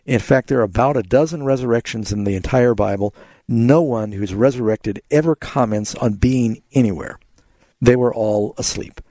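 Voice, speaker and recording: A man's voice: mid-range voice, animated, normal speed, dark tone, no room sound. A man hosting a call-in Bible radio program, earnestly explaining scripture to callers. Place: radio studio.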